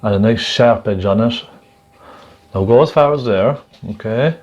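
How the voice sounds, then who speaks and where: A man gently demonstrating a painting technique step by step, chatting and checking in with the viewer as he works. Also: on the low side, a little slow, dull audio. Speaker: painting instructor.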